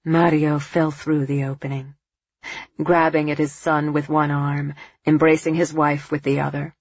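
A woman narrating an audiobook in a measured, dramatic way. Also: low-pitched, little pitch movement, slightly rough, no room sound, muffled recording.

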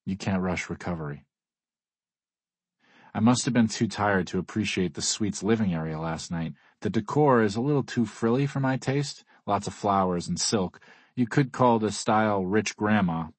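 A man's voice: on the low side, normal speed, breathy edge, dry recording. A man reading a first-person audiobook in a wry, dry way. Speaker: audiobook narrator. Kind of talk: scripted first-person narration.

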